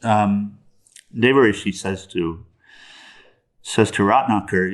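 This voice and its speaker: A man, a spiritual teacher, telling a story in a sermon in a relaxed way, with chuckles and many fillers. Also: on the low side, a little slow.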